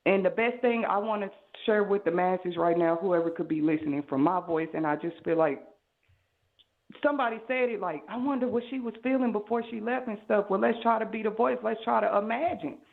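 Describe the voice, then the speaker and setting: A woman's voice: mid-range voice, fairly even intonation, a little fast, vocal fry. A woman with a Southern US accent calling in to a talk show and speaking in a preachy, rambling way. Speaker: caller. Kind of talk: call-in monologue. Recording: tinny phone line.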